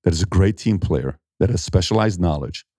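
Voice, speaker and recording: Man, middle-aged, low-pitched, emphatic storyteller, dry close sound. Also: a little fast, no echo. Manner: animated storyteller acting out quotes, emphatic. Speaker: entrepreneur and mentor, interviewee. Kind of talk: conversational interview.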